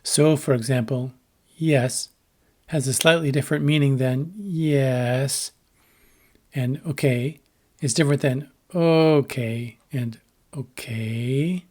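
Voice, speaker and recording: A man narrates a prepared lesson at a middle pitch. His delivery is measured and explanatory. He pauses to say sample phrases aloud and shows how their melody and stress change. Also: steady tone. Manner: measured and explanatory, acting out intonation examples. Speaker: lecturer on translation. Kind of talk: scripted educational narration.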